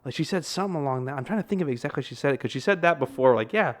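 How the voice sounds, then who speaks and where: A young man co-hosting a podcast, chatting in a loose, rambling way. He swears freely and laughs often as he tells his stories. His voice sits in an ordinary middle pitch. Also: expressive, rapid-fire. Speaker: podcast co-host. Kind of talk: casual chat.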